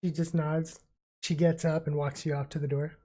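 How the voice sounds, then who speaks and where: Woman, game master, low pitch, mellow, halting narration. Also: level tone, slightly rough. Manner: halting, many fillers.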